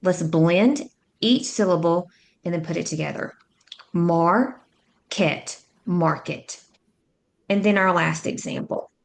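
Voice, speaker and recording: A woman with a slightly low voice walks through a phonics lesson. She talks slowly and clearly, sounding out each syllable the way a patient reading tutor would. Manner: slow, clear, instructive, sounds out words.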